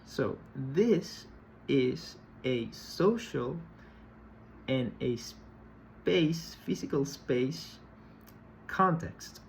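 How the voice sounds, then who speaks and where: A male lecturer explaining a concept in a recorded class, speaking in a slow, measured way and often repeating himself mid-sentence. His pitch sits in an ordinary middle range. Faint ambient noise hums behind him. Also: creaky, poor audio. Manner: slow, deliberate, repeats words while explaining. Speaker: university lecturer.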